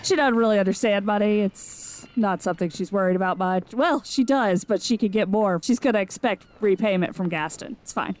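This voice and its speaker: Brief: female player, mid-pitched everyday voice, relaxed table talk. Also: brisk, hardly any pauses, slight background noise. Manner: casual, laughs often. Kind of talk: casual tabletop game play.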